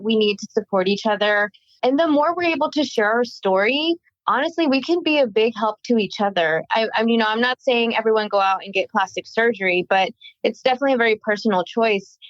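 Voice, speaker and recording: A woman's voice: a little high, a little fast, dry recording, muffled recording. A woman guest talking earnestly and reflectively in a casual conversation.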